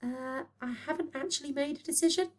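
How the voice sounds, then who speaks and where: A woman's voice: sits high, brisk, voice pushed up, close to an everyday voice. A woman voicing a timid, hesitant male headmaster with a mild voice. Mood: meek. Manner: meek, hesitant.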